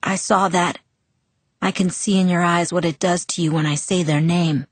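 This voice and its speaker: Female reader playing a resentful teen boy, clipped and tense, lowish pitch, dry read. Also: fairly even intonation, moderate pace, no echo, lightly acted. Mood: bitter. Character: sullen teenage boy, angry and bitter.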